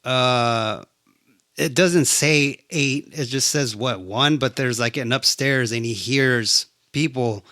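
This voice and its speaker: A man's voice: medium pitch, slow, no echo, clean studio sound. A man in casual chat reviewing a film, swearing freely and acting out the scenes. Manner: animated, profane, acts out scenes. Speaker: movie reviewer.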